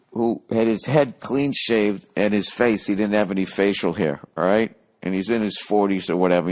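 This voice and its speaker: A man in his late forties rants through a solo comedy podcast, swearing freely and mocking himself as he wanders from bit to bit. His voice sits on the low side of a man's speaking range. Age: 40s. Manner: profane, rambling, self-mocking. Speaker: podcast host. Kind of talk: casual comedic rant.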